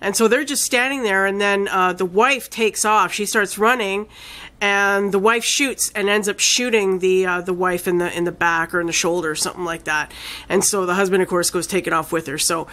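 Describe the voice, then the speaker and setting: A woman giving a casual spoken film review, retelling the plot in a rambling, excitable way with many fillers and some casual swearing. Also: mid-range voice, moderate pace. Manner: rambling, enthusiastic retelling full of "like" and "you know".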